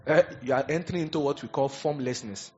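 A man preaching a sermon, animated and conversational, acting out little scenes as he goes. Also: on the high side, fast talker, muffled recording, slight background noise. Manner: animated preaching with acted asides. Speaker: pastor.

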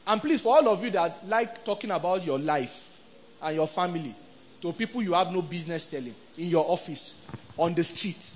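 With a slight hiss or hum in the background, a middle-aged pastor with a Nigerian accent preaches at a moderate pace in a high voice. He animatedly leads call-and-response with the congregation and performs quoted voices.

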